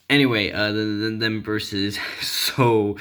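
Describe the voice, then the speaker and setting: A man's voice: on the low side, a bit bright, clear, resonant tone. A man casually retelling a comic story, rambling with lots of fillers and small laughs. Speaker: comic recap vlogger.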